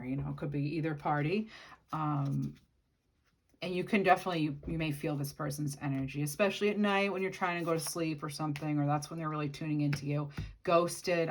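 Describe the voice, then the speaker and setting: A woman giving a casual channeled tarot reading, musing aloud and speaking to the viewer directly. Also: sits low. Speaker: tarot reader.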